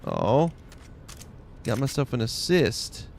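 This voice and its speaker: A man's voice: medium pitch, very animated, slow pace, creaky, very noisy. A man with a Long Island accent giving casual commentary as he plays a game, chatty and muttering to himself while he loots. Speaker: game streamer.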